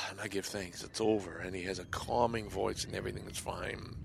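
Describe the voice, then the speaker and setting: A man talking in a confessional monologue, halting and repetitive, his voice often trailing off into soft near-whispers. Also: low-pitched, fairly even intonation, creaky, background noise.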